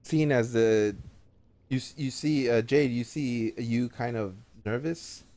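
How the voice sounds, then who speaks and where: A man narrating as game master of an online tabletop game, talking casually and haltingly with many fillers. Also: medium pitch, dark tone.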